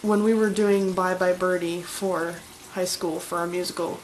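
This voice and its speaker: A woman's voice: fairly low pitch, little pitch movement, a little slow, hardly any pauses, slight background noise, poor audio. Chatty young woman vlogging. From Colorado, USA. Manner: chatty, rambling, enthusiastic. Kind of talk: casual vlog answering questions.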